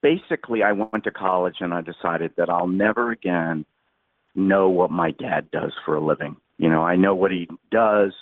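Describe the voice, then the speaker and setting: A low-voiced man in his sixties speaks at a moderate pace as a podcast guest, telling a long, wandering story with vivid detail and acted-out quotes. The recording has no room sound but a tinny, phone-like quality.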